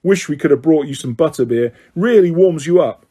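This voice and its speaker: A man's voice: a little high, animated, brisk, dark tone, breathy edge. A man doing an eager, chatty teenage boy. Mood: excited.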